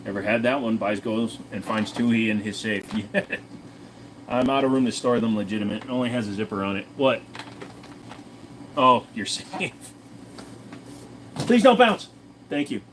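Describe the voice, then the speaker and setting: A man's voice: lowish voice, fairly even intonation, moderate pace, pauses often, a bit bright, a little hiss or hum. A man in his forties with a Tennessee accent, hosting a casual livestream and chatting to viewers in a crude, profane, joking way. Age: 40s. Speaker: livestream host.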